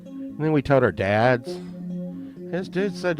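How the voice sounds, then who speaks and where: A man's voice: fairly high pitch, big pitch swings, normal speed, a bit bright. A man telling a story in a rambling, profane way, often laughing at his own tale. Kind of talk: casual storytelling. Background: plucked guitar music.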